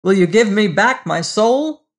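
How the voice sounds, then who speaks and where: A narrator doing a curt, commanding man, impatient and insistent, barking short demands. Read slowly in a storybook telling, a little louder than the narration. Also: medium pitch, expressive, pitched above the performer's own voice. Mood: curt, demanding. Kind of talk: audiobook reading.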